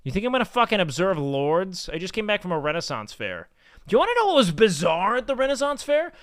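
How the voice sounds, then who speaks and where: A man's voice: high-pitched, wildly swooping pitch, quick pace, dry recording, clean studio sound. A man streaming, chatting casually and telling rambling, profane stories.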